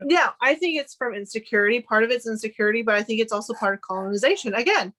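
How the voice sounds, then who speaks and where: A woman's voice: a little high, expressive, fast talker, fairly bright tone. A young woman from Arkansas, a podcast guest, speaking earnestly in a casual, conversational way. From Arkansas, United States. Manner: earnest, with frequent "like" and "um" fillers.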